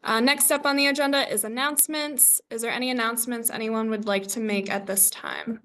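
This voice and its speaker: A woman chairing a student government meeting, reading the agenda and roll call in a brisk, scripted way. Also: fairly high pitch, fairly even intonation, fairly bright tone.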